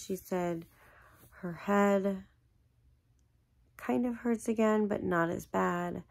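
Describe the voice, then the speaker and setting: Slow, gravelly-voiced woman chatting. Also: lowish voice, darkish tone. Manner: rambling storytelling, many fillers. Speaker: vlogger. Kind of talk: casual chat.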